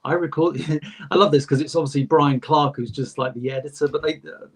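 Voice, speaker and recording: A man's voice: fairly high pitch, steady tone, a little fast, husky. A man co-hosting a podcast, chatting casually and reading fan letters aloud with jokey asides and frequent laughs. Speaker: podcast co-host.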